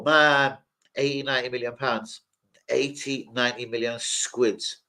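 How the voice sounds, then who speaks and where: A young man hosting a jokey football transfer live stream, reading out viewers' names. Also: on the high side. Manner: animated, jokey, reads out chat names. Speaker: football channel host. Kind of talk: live stream chat about transfer news.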